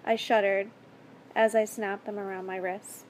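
A woman reading a first-person story aloud in a steady, earnest way. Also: medium pitch, measured pace, a little hiss or hum. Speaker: story reader.

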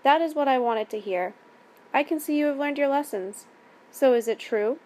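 A woman reading as a calm, domineering man. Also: high-pitched, voice pushed up, natural voice. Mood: cold commanding. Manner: calm, measured, commanding. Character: calm, domineering adult man, cold and commanding.

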